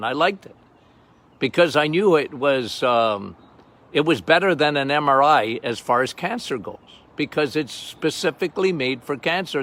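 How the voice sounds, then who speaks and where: An older man hosting a health podcast as a doctor, talking loudly and passionately in a casual monologue. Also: a little high. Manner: loud, passionate, emphatic.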